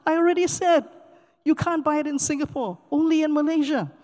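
An impatient female shop clerk, as a preacher quotes her while retelling a story, her raised voice repeating herself with clear annoyance. The tone is mellow, and a long reverb hangs around it. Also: high voice, fairly quick, voice pushed up, lightly acted. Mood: exasperated. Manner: impatient, insistent.

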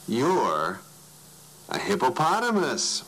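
A man voicing a friendly, big-bellied old prophet who makes slow, solemn pronouncements. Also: medium pitch, huge pitch swings, creaky, fairly bright tone, voice pushed up, exaggerated voice, poor audio. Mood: pronouncing.

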